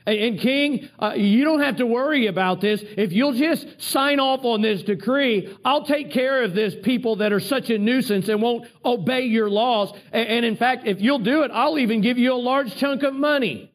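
A man's voice: very high-pitched, moderate pace, few pauses, pitched above the performer's own voice. A man voicing a proud, scheming male royal official in a retold Bible story. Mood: persuasive. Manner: boastful, persuasive.

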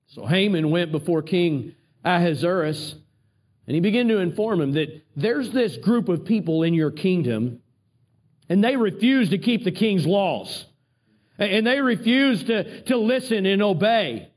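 A man preaching a sermon, retelling a Bible story with animated asides and repeated words. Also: high voice, measured pace.

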